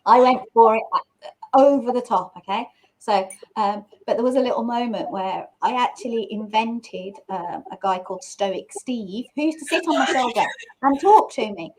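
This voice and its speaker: A middle-aged woman hosting a casual chat, playful and quick to laugh. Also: on the high side, a little mellow, low-quality recording. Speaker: host.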